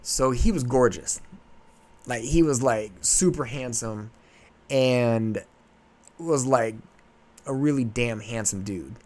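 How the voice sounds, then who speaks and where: A man hosting a podcast, retelling a myth in rambling, animated casual chat. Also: mid-range voice, slow, long pauses. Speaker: podcast host.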